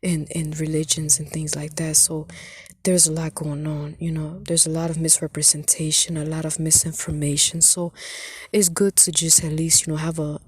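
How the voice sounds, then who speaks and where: A woman's voice: deep voice, little pitch movement, moderate pace, breathy edge, dry recording. A woman vlogger sharing her faith testimony in an earnest, casual way, often saying "you know" and dropping into whispers.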